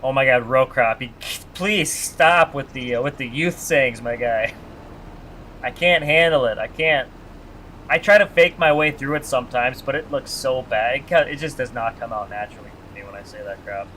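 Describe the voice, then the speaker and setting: A man's voice: mid-range voice, normal speed, sharp tone, a little hiss or hum. A man chatting casually with his live-stream audience while playing a farming game, joking and reading the chat aloud.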